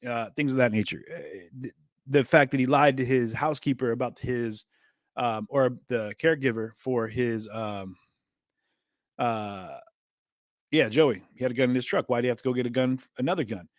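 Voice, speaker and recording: A man's voice: medium pitch, normal speed, dry recording, clean studio sound. Rambling male livestream host. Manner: rambling, filler-heavy, reads chat aloud. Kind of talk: casual live commentary.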